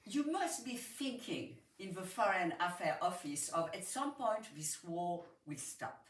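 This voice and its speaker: A woman's voice: fairly low pitch, animated, unhurried. A Swiss woman with a French accent asking a long question from the audience, earnest, with light laughs and hesitant fillers. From Switzerland. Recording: echoey hall, distant mic, faint noise.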